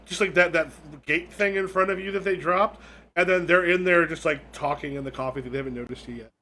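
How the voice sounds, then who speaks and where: Brief: male game master, improvised, rambling with fillers, bright and raised-pitch voice. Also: brisk, a little hiss or hum.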